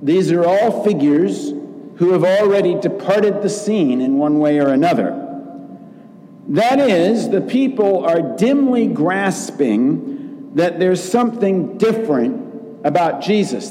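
A man preaching a sermon as pastor, acting out quoted lines with lively changes of voice. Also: high-pitched. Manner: slow, animated preaching with acted quotes. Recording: long reverb in a large room.

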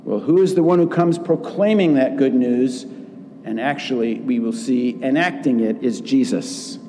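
A man preaching a sermon as pastor, acting out quoted lines with lively changes of voice. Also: mid-range voice, slight background noise. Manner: slow, animated preaching with acted quotes. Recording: long reverb in a large room.

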